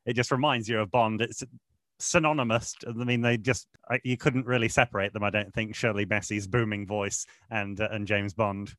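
A man's voice: on the low side, fairly even intonation, normal speed, fairly bright tone, no echo. Man, podcast co-host, casual and hesitant, dry close-mic sound. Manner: hesitant, many "uh" fillers. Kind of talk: casual chat about film music.

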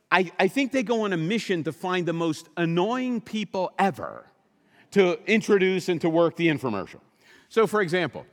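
Man, pastor, sermon, emphatic, conversational, animated delivery, long hall reverb. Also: high voice. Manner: emphatic, conversational, asks the congregation questions. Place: church sanctuary.

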